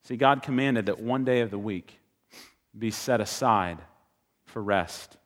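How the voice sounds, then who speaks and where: A man in his thirties preaching a sermon, telling lively stories and getting loud when he makes a point. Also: on the low side, a little slow. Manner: animated storytelling, rising to loud exclaiming. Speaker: pastor. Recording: long hall reverb.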